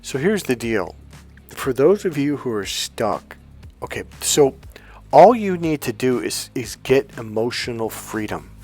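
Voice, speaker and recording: A man's voice: medium pitch, sing-song, measured pace, darkish tone, soft background music. Rambling, chatty man coaching viewers. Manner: rambling, chatty, many fillers and restarts. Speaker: life coach. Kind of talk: casual storytelling monologue to viewers.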